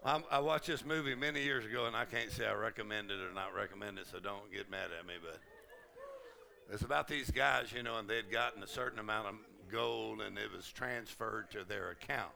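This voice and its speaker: A man preaching a sermon at a conference, exuberant, often laughing and shouting out. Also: fairly low pitch, fairly even intonation, fairly quick, vocal fry, slight background noise. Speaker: pastor. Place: conference hall. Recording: crowd heard in a hall.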